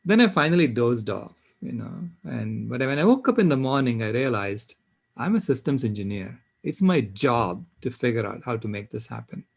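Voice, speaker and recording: An older man speaking on a panel, telling a personal story in an earnest, halting way with fillers. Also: mid-range voice, expressive, gravelly, slightly rough. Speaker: panel speaker, systems engineer.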